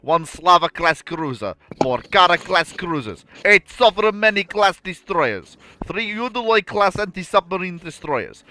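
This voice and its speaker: A man's voice: sits high, lively intonation, measured pace, few pauses, sharp tone, pitched above the performer's own voice, full character voice. A man voicing a commanding Soviet fleet commander with a put-on Russian accent, barking out orders.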